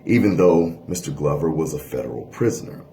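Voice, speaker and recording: A man lecturing on a court case in a lively teaching voice, checking in with listeners often. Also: rumbling low, fairly quick, echoey room. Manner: animated lecturing, frequent "all right?" checks. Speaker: history teacher. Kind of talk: lecture video.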